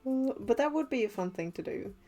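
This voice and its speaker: A woman's voice: on the high side, lively intonation, a little fast, warm tone, faint music behind. A young woman streaming while she crafts, chatting casually, giggling often and hesitating with many restarts.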